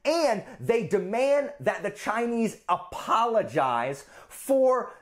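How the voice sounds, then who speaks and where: A man hosting a casual history explainer, animated and incredulous, talking with many fillers and restarts. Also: high voice, slow pace. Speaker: book video host.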